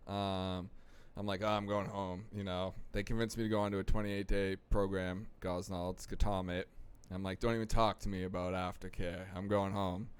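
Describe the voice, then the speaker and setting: A young man tells his story in a casual, animated way, playing out the voices of the people in it. His voice sits on the low side and comes across smooth and clear. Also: moderate pace, hardly any pauses. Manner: animated, acts out quoted voices. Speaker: podcast guest. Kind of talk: casual storytelling about recovery.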